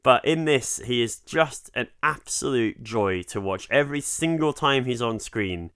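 A man's voice: mid-range voice, expressive, a little slow, a bit bright, clean tone, no echo, clean studio sound. A Scottish man co-hosting a podcast in casual chat, joking, swearing freely and laughing often. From Scotland. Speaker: podcast co-host.

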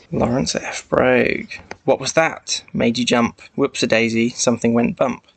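A chatty man hosting a podcast, talking through a puzzle game and reading clues aloud. His voice has a gravelly, fry-heavy texture with a husky edge. He laughs easily between lines. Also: mid-range voice, slow pace. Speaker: podcast host. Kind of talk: casual chat while playing a puzzle game.

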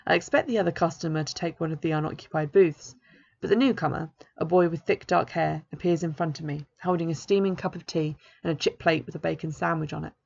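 Low gravelly woman reading a novel. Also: quick pace, darkish tone. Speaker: author reading her own novel. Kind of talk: first-person novel reading. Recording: dull lo-fi recording.

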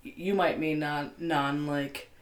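A woman's voice: low voice, steady tone, slow. A woman co-hosting a podcast, rambling casually, laughing often and trailing off mid-sentence. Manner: rambling, laughing, breaks into silly voices. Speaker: podcast co-host. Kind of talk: casual chat. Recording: echoey room, faint noise.

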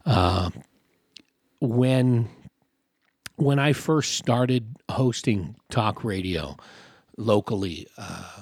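A man hosting a podcast interview in a comedy club showroom, talking haltingly with many fillers and restarts. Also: fairly low pitch, breathy edge, no echo, studio quality. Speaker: podcast host. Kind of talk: casual interview.

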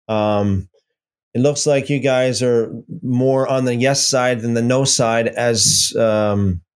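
A man's voice: medium pitch, a little mellow. Man taunting an absent rival on stream. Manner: taunting, rambling, repeats himself. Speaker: livestream host. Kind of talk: casual livestream talk.

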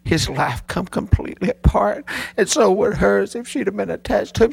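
Middle-aged man, pastor, gravelly and fairly high-pitched, emotional storytelling sermon. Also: animated, normal speed, dry recording. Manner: emotional storytelling preacher, voice rising high when stirred.

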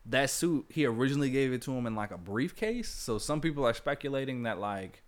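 Brisk and lively in intonation, a mid-range male voice narrates a movie scene by scene on a podcast. It's a casual, wandering retelling, thick with fillers and acted-out quotes.

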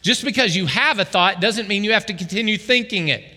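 Pastor guy preaching, high bright voice, keeps asking the crowd stuff, long echo in the hall. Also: fairly quick. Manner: animated, calls out to the congregation. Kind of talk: sermon.

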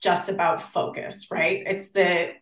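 An Australian woman chatting as a podcast guest, animated and acting out the voices of people she quotes. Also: on the low side, a little slow. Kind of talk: casual interview chat. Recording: roomy, distant from the mic.

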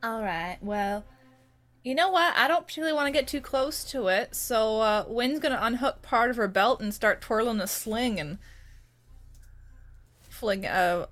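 A woman playing a tabletop game, talking in a chatty, lively way. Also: a little high, normal speed. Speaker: player. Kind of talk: casual tabletop game play.

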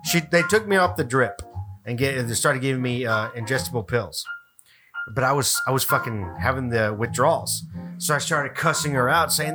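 A man hosting a podcast, telling a rude hospital story in casual, profane talk and acting out his own yelling. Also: mid-range voice, moderate pace. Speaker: podcast host. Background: music.

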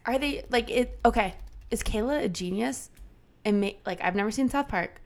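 A woman co-hosting a casual podcast, reacting with wry, deadpan quips. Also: fairly high pitch, normal speed. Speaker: podcast co-host. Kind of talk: casual chat.

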